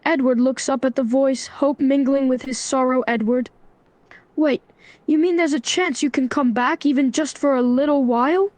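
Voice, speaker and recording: A woman's voice: sits high, moderate pace, no room sound. Computer-voiced woman, text-to-speech narrator, evenly read melodramatic story, dry close sound. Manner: even, scripted, melodramatic prose. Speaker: AI chatbot narrator.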